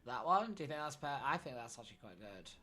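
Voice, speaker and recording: Chatty streamer, bright voice. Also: male voice, medium pitch, very animated, fast talker, slight background noise. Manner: chatty, thinks aloud, self-deprecating. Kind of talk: casual live-stream chat.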